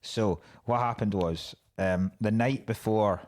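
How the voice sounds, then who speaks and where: A man's voice: lowish voice, slow pace, darkish tone. A man, a comedian and podcast co-host in casual chat, telling a story with lots of swearing and laughing.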